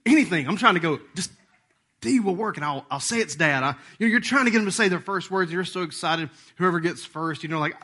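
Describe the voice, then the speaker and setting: A pastor in his thirties delivers a sermon in a folksy, joking manner. His voice sits a little high and carries a bright, forceful edge. He keeps the talk animated and playful. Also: brisk.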